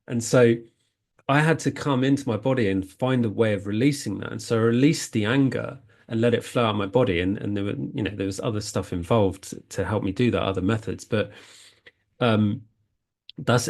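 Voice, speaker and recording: A man working as a spiritual healing coach talks earnestly in a casual spiritual chat, rambling and often starting his sentences over. His voice is lowish, brisk, and creaky.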